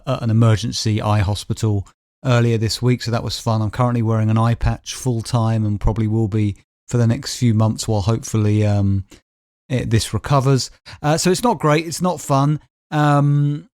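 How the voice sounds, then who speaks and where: A man's voice: medium pitch, a little mellow, no room sound, clean studio sound. A man co-hosting a podcast in casual, teasing chat. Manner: chatty, teasing, interrupts and chips in. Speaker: podcast co-host.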